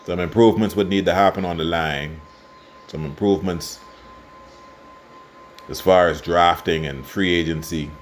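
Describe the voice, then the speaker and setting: A Bahamian man giving casual football commentary and predictions, passionate and quick to get worked up. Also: sits low, fairly even intonation, a little hiss or hum. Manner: passionate, gets worked up and loud. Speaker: sports fan vlogger.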